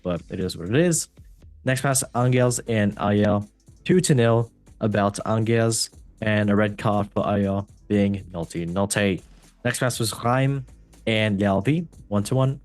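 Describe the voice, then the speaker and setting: A man's voice: lowish voice, moderate pace, a little mellow, soft background music. A man hosting a casual football podcast who reads results in an upbeat, breezy way and often falls back on stock phrases. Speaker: host.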